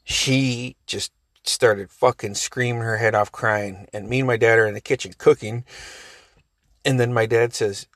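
A man's voice: medium pitch, fairly even intonation, measured pace, a bit bright, no echo, studio quality. Rambling, laughing man telling a story. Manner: rambling, profane, laughs often. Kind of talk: casual personal storytelling.

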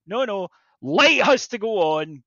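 A man's voice: sits high, very animated, slow pace, a bit bright, no room sound. A man co-hosting a casual podcast chat, with an emphatic, sweary, ranting way of talking. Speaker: podcast co-host. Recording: dry, muffled lo-fi sound.

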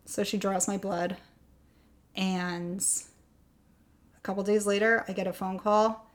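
A woman guest on a podcast, telling a personal story with lively quoted dialogue that turns soft and quiet on the hard parts. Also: medium pitch, slow pace. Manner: animated, acts out quoted dialogue.

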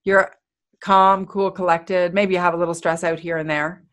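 A woman giving a motivational talk in an energetic, playful, conversational way. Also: fairly low pitch, moderate pace. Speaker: motivational speaker.

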